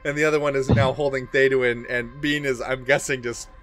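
A man's voice: medium pitch, little pitch movement, a little fast, a bit bright, faint music behind. A man narrating a tabletop game as game master, in a casual, laughing way with frequent restarts.

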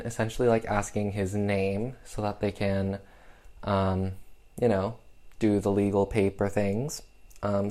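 A man's voice: fairly low pitch, a little mellow. A man casually recapping an old film, rambling along with lots of fillers and sarcastic asides. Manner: rambling and chatty, full of "um" and "like". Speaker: podcast host reviewing a film.

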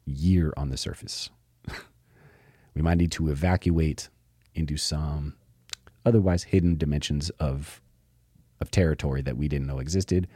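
A man's voice: a bass voice, mellow, husky, no echo, clean studio sound. A man hosting a casual show, reading spiritual book passages aloud and breaking in with blunt, sometimes profane comments. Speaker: host.

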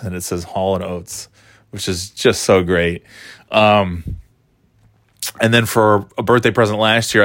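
A man's voice: low-pitched, a bit bright, no room sound, clean studio sound. Rambling, enthusiastic man in his forties. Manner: rambling, enthusiastic storytelling with frequent laughs. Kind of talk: casual chat.

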